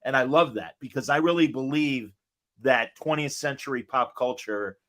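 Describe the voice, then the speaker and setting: A man's voice: mid-range voice, normal speed, a bit bright. Chatty, enthusiastic male interview host. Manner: enthusiastic, chatty, frequent fillers. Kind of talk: casual interview chat.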